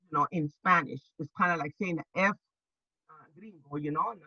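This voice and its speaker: An older woman, a labor organizer, telling her stories in an interview with lively energy, stumbling and restarting often and acting out the voices she quotes. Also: low-pitched, breathy edge, dry recording, lo-fi sound. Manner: animated, halting with many restarts, acts out quoted voices. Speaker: labor organizer and activist guest. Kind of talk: storytelling interview.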